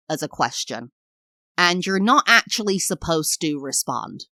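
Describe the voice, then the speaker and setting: Low-voiced English woman, candid podcast talk. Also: a little slow, no echo, clean studio sound. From England. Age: 30s. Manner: candid, reflective, acts out lively sing-song quotes. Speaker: podcast host. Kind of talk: personal solo podcast talk.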